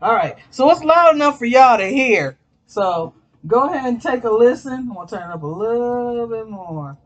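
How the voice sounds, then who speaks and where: A man's voice: extremely high pitch, animated, moderate pace, fairly bright tone, no echo. A man hosting his own podcast, talking in a rambling, casual way, swearing freely and addressing listeners as y'all. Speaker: podcast host. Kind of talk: casual chat.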